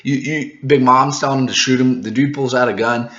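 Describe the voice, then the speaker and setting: Excitable man reacting to a manga chapter. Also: mid-range voice, a little fast, roomy sound, highs cut off. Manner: excitable, laughs often, stumbles over words when hyped. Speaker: manga reaction channel host.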